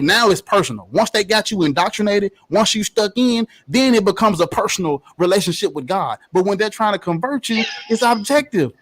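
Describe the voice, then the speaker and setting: A man's voice: sits high, animated, brisk, few pauses, fairly bright tone. A young man in a heated street debate, arguing in a fiery, preachy way and swearing often. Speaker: debate participant.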